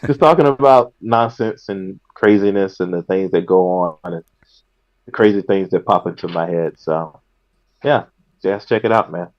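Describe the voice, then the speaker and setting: A male comedian guest chatting casually on a podcast, laughing often and trailing off in a relaxed way. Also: sits low, normal speed. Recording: dull lo-fi sound.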